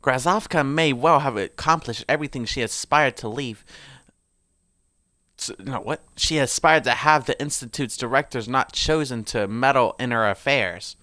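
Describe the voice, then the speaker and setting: A man's voice: mid-range voice, moderate pace, bright, forceful tone, no room sound, clean studio sound. A man reading game character profiles aloud. He often stumbles and corrects himself, and breaks off into joking asides. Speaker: game video creator.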